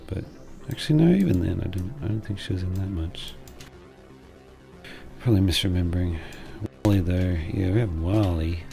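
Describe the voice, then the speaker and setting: A man with a very deep, gravelly voice and a dark tone, chatting casually while streaming a game. He rambles and jokes and mutters asides, with faint music playing behind him. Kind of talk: casual gameplay stream commentary.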